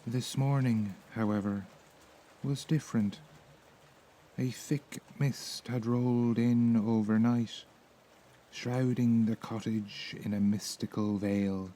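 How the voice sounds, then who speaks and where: A man with an Irish accent reading a sleep story in a soft, slow, soothing voice. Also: medium pitch, steady tone, rough recording. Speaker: narrator.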